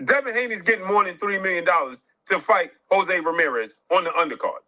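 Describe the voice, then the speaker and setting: A man's voice: high-pitched, fairly quick, pushed and bright, rough recording. A man hosting boxing commentary in a heated, argumentative way, scornful of his critics. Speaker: boxing manager and show host.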